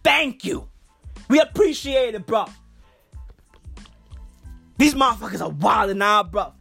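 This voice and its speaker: A woman's voice: mid-range voice, expressive, unhurried, creaky, fairly bright tone, breathy edge, soft background music. A woman from Africa in a brash, profane, slangy comic rant, walking outdoors. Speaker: vlogger.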